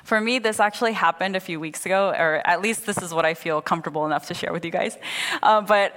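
A woman's voice: lowish voice, fast talker. Woman preaching in a reverberant hall. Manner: conversational, candid, animated storytelling. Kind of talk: sermon with opening prayer.

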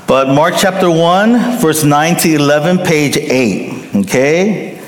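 A man preaching a sermon as pastor, emphatic, rising to loud peaks and dropping to hushed endings, often checking in with the congregation. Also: a little high, animated, a little slow, hardly any pauses. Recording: long hall reverb.

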